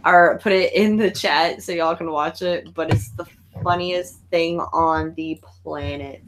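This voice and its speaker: A woman's voice: on the low side, measured pace, noisy background. A woman hosting a casual late-night group chat over an online call, swearing freely and laughing often. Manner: profane, excitable, laughs a lot. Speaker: podcast host.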